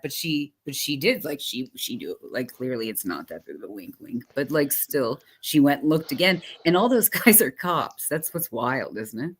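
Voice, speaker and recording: A co-host on a live stream rambles in casual chat. The talk is loose and full of laughter and "like". The voice sits at a middle pitch. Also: lively intonation, moderate pace, few pauses, breathy edge.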